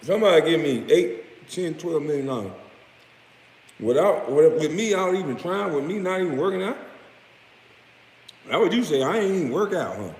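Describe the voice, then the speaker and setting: A man's voice: on the high side, expressive, normal speed, long pauses, a little mellow. Heated, profane man in an echoey room. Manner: heated, profane, mocking, with scornful laughs. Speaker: former pro basketball player. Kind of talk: profane rant. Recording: echoey room with long reverb, faint noise.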